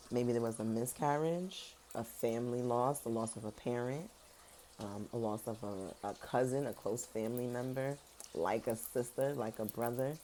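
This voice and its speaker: Very deep-voiced sassy woman reading tarot. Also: a little hiss or hum. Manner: sassy, direct, talks straight to viewers; animated, swings between loud emphasis and soft serious tones. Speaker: tarot reader. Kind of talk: casual tarot reading to viewers.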